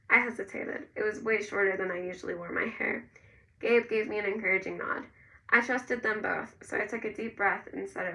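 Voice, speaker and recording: A woman narrating a first-person novel in a gentle storytelling manner. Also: medium pitch, fairly quick, gravelly, far from the mic, rough recording. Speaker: audiobook narrator.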